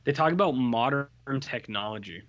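A man's voice: medium pitch, animated, normal speed, a bit bright, highs cut off. A man co-hosting a podcast in casual chat, rambling and sardonic, full of fillers and restarts. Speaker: podcast co-host.

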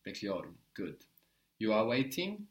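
Male tutor, patient drill style, quick "good" after each answer. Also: lowish voice, wildly swooping pitch. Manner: patient, prompting with short praise. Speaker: language teacher. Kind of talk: language lesson drills.

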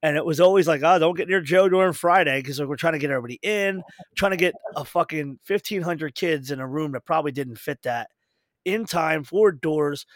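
A man hosting a casual podcast chat, swearing freely and telling animated stories. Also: fairly high pitch, a little fast, no echo, clean studio sound. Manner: profane, animated storyteller. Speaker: host.

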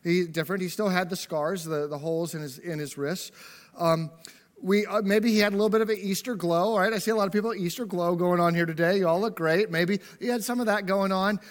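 A man's voice: sits high, brisk. A man preaching a sermon to a congregation in a church. He talks casually and jokingly, often checking in with "right?" as he goes. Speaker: pastor. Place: church service before a congregation.

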